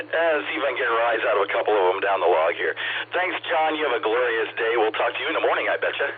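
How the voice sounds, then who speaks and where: A man's voice: mid-range voice, animated, a little fast, long pauses. A man from Ohio running an amateur radio net as net control, friendly and joking as he reads out call signs. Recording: tinny radio transmission with hiss.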